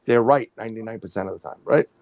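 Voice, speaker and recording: A man's voice: lowish voice, fast, vocal fry, no room sound, lo-fi sound. A middle-aged man telling a story casually on a livestream, rambling with restarts and acting out what people said. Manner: rambling, animated storytelling with restarts and acted-out quotes. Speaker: guest, paranormal researcher.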